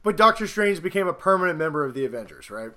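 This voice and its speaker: A man co-hosting a podcast, chatting casually and excitedly about a movie, swearing and acting out scenes. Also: a little high, fast talker, crowd noise. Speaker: podcast co-host. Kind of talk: casual movie review chat.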